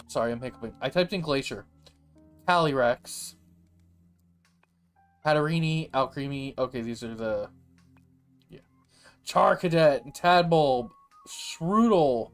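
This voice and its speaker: Young male streamer, lively reactions, light music bed. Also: mid-range voice, takes it slowly, pauses often, clean tone. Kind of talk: casual livestream chat.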